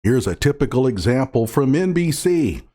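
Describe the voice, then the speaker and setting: A man hosting his own show offers sarcastic commentary on a court ruling, reading passages aloud with heavy emphasis. He has a mid-range, dark-toned voice, very animated, at a moderate pace.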